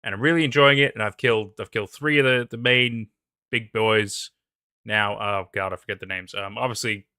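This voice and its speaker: A man hosting a livestream in casual chat on a headset, excitable and trailing off mid-sentence. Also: on the low side, fairly quick, clean tone, dry recording, studio quality. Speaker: stream host.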